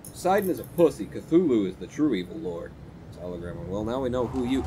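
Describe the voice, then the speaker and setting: Animated, sarcastic male game streamer. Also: mid-range voice, brisk, a little hiss or hum. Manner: animated, sarcastic, talks to chat. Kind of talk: live gameplay commentary, reading game text aloud.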